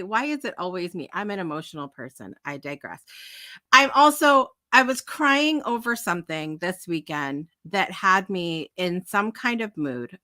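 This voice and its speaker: A woman hosts a live morning talk show as a casual live-stream chat, rambling loosely with frequent fillers, asides, and quick laughs. She comes across as bubbly and emotional, with a bright, forward, medium-pitched voice. The recording is dry and close, with no echo or room sound.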